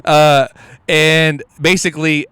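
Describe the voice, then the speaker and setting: A man guesting as a comedian on a podcast, telling a bar story in an animated, swearing way with frequent laughs. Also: on the high side, slow, clear, resonant tone, no echo. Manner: animated, swearing, laughs often, jumps into loud shouted impressions.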